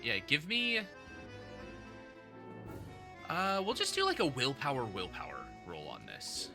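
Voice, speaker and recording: A man's voice: mid-range voice, huge pitch swings, unhurried, gravelly, over music. A man running a tabletop game as game master, narrating casually with lots of fillers. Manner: casual, chatty, with many fillers.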